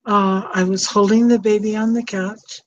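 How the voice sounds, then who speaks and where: A woman's voice: mid-range voice, steady tone, moderate pace, lo-fi sound, slight background noise. An older woman hosting an advice talk, speaking in an earnest, reflective way. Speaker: host.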